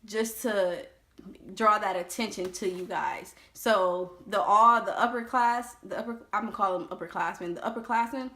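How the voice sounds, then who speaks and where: A woman's voice: medium pitch, moderate pace. Chatty young woman vlogging. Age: 20s. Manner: chatty, loose and animated, with many fillers like "like" and "um". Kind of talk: casual storytelling to camera.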